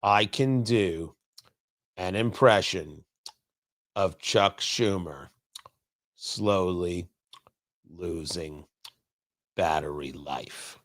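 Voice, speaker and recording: A man putting on an impression of an older male politician whose voice sinks lower and quieter as if his battery were dying. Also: extremely slow, long pauses, dry recording, studio quality, heavily acted. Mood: droning.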